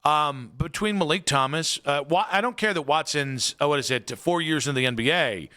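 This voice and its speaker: A man's voice: a little high, normal speed, pushed and bright. A man hosting sports talk radio, rambling and opinionated, heavy with fillers and restarts in casual studio chat.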